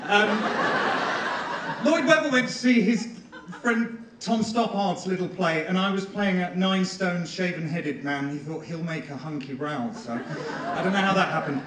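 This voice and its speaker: A man with a dry, self-deprecating manner, pausing on fillers as he thanks people. His voice sits a touch high for a man. He is heard from a distance in an echoey theatre, with some noise behind him. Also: expressive, fairly bright tone. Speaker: award-winning actor. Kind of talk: acceptance speech. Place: large theatre stage. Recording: echoey theatre, far from mic.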